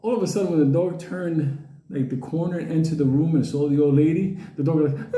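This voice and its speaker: Speaking fairly quickly in a mellow tone, a man tells a funny, meandering story and chuckles at his own punchlines. He puts on high-pitched voices for the characters, and the audio has a reverberant quality.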